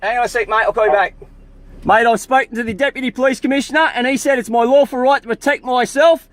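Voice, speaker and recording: Outdoors by a road, an irate Australian motorist stopped by police argues heatedly and swears heavily. His voice is extremely high and fairly bright, he talks fast, and the recording is dry.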